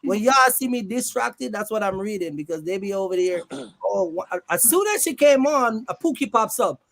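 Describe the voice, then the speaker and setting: A man's voice: high voice, lively intonation, normal speed, gravelly. A man hosting a casual livestream about a trucking business, joking with guests and reading the chat aloud in a loose, friendly way. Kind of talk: casual live-stream chat.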